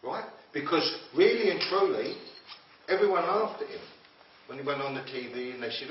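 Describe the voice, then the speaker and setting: A blunt man lectures a group in a confrontational way, firing questions at the listeners. His fairly high voice sits far from the mic in an echoey room. The old recording sounds dull and lo-fi. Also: lively intonation, moderate pace, slight background noise. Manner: blunt, challenging, pokes at the audience with questions. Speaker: motivational speaker.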